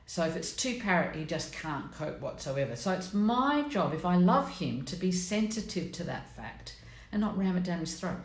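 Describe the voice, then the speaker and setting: A woman's voice: fairly low pitch, big pitch swings, normal speed, hardly any pauses. A middle-aged woman hosting a live stream, chatting bluntly and with self-mockery, greeting her viewers by name. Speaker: host of a personality coaching live stream. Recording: echoey room.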